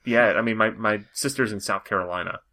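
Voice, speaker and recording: A man with a fairly low but bright, forceful voice hosts a podcast in relaxed chat. He rambles from one thought to the next, leaning on "like" as filler. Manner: rambling, fast, full of "like" fillers. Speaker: podcast host. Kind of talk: casual chat.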